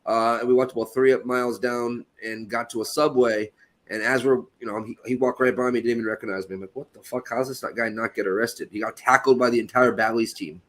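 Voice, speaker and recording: A man co-hosting a laid-back sports gambling stream. He tells a wild story loosely, with plenty of swearing and a voice at an ordinary middle pitch. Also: fast. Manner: profane, animated storytelling. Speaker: podcast co-host. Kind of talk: casual sports chat, storytelling.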